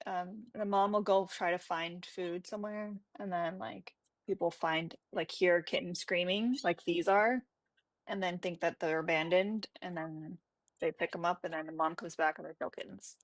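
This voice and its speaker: A woman's voice: on the low side, fairly even intonation, normal speed, dry recording. A woman hosting a casual livestream chat, talking bluntly and swearing casually. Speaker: livestream host.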